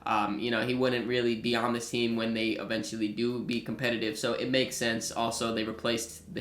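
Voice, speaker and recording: A young man hosting his own channel, giving a relaxed, casual basketball preview that is peppered with "uh" and "like". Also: medium pitch. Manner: relaxed, with frequent "uh" and "like" fillers. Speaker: channel host. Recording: roomy echo.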